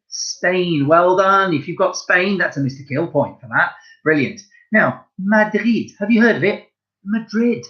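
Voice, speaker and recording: A man's voice: on the high side, lo-fi sound. A man giving a home-learning lesson to young children, talking straight to his pupils and praising them a lot. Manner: lively, encouraging, speaks directly to pupils. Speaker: primary school French teacher.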